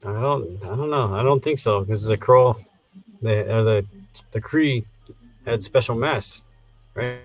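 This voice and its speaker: A man's voice: mid-range voice, unhurried, pauses often, no room sound, soft background music, poor audio. A man co-hosting a casual movie review podcast, laid-back with short dry replies. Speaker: podcast co-host.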